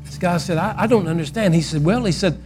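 A man preaching a sermon and telling a story, swinging from loud quoted outbursts to a soft, quiet close. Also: high-pitched, quick pace, soft background music.

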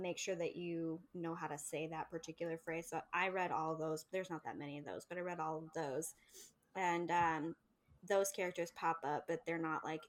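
A woman co-hosting a casual book chat, blunt and wry, swearing freely as she gives her opinions. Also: on the low side. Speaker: book podcast co-host.

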